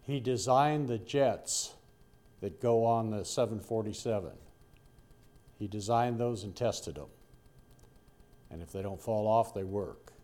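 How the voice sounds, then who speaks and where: A man's voice: lowish voice, unhurried, long pauses, darkish tone. An older man preaching a Bible-study sermon in a folksy, rambling way, with asides to his listeners.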